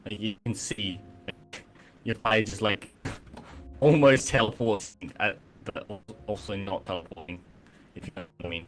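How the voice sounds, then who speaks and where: A man chatting casually on a gaming stream, halting and searching for words with many ums. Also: fairly low pitch, a bit bright. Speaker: streamer testing a game mod. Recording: faint music behind.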